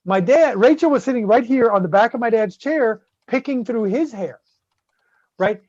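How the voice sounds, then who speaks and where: A man's voice: very high voice, normal speed, no room sound. Profane Southern man telling stories. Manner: profane, animated storyteller with many "right?" tags. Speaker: guest co-host. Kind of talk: casual storytelling chat. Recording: slightly dull lo-fi dry sound.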